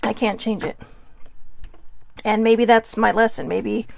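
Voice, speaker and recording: Gravelly-voiced woman musing aloud. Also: fairly high pitch, fairly even intonation, a little slow. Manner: earnest, musing, self-questioning. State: shaky voice from incense smoke. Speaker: host of a personal reflection show. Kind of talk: casual reflective monologue.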